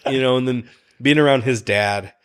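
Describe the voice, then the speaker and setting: A man talking casually on a podcast, telling animated stories and laughing often. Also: mid-range voice, moderate pace, clear, resonant tone. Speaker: guest, fighters' chef.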